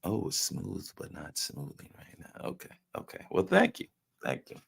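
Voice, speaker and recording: A man's voice: low-pitched, wildly swooping pitch, moderate pace, gravelly, husky. A man hosting a casual live stream, teasing his chat with loose slang and frequent laughs. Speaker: livestream host reading chat.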